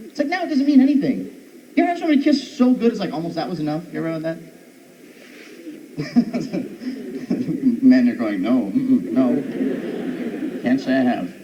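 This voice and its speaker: Animated male stand-up comic, lively pitch. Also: moderate pace, long pauses. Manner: animated, jumps into high silly voices for bits. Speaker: stand-up comedian. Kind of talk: stand-up comedy set. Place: comedy club stage. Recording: dull old recording from far off, noisy.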